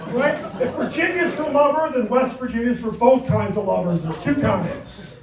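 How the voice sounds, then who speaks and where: A middle-aged man doing a punchy, deadpan stand-up comedy set in a comedy club. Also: very high-pitched, normal speed, hardly any pauses. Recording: roomy club sound, mic far off, crowd. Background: audience laughter.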